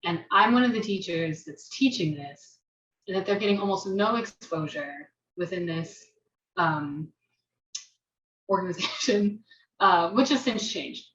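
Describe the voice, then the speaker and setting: Thoughtful American woman teacher, halting delivery, roomy video-call sound. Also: fairly low pitch, a bit bright. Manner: thoughtful, restarts, laughs self-consciously. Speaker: dance teacher and panelist. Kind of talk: personal reflection on a video-call forum. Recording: roomy, distant, dull video-call audio.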